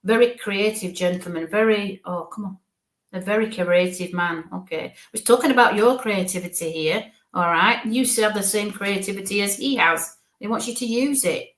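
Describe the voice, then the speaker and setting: A woman, a psychic medium giving a live-streamed reading in an affectionate, reassuring, chatty way. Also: medium pitch. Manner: warm, affectionate, talks in quick asides. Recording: echoey room.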